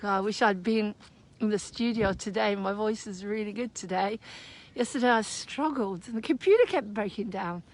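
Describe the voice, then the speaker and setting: A woman's voice: medium pitch, normal speed. An exuberant woman vlogging outdoors on a green, whooping, laughing and breaking into song. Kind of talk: casual outdoor video chat.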